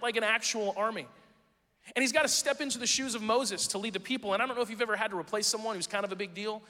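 A man's voice: sits high, sharp tone, in a large hall. A man preaching a sermon as pastor, casual and joking, reading scripture and adding playful asides.

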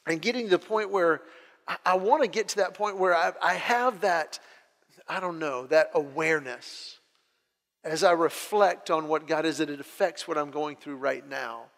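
Speaking with vocal fry, a middle-aged man whose voice is notably high tells funny personal stories as a testimony before a live audience. He's animated, pokes fun at himself, and keeps restarting his phrases, all echoing with a large hall's long reverb.

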